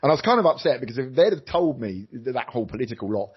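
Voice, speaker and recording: Talking very fast in a sing-song, husky voice, a middle-aged man who once presented TV tells an interviewer a candid personal story. He animatedly leaps into high voices when quoting people, on a slightly dull lo-fi recording.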